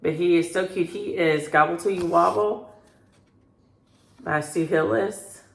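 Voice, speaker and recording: Gravelly, low-voiced chatty woman. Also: a little slow. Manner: rambling, chatty, talks to her cats between thoughts. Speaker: cross-stitch vlogger. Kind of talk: casual chat. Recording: echoey room.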